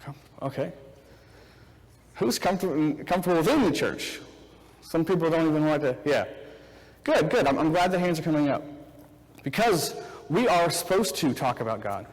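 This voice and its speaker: Man, 30s, informal sermon, storytelling, slightly high voice, long hall reverb. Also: expressive, moderate pace, pauses often. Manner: chatty, storytelling with acted-out quotes. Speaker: preacher. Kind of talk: casual sermon. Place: church hall.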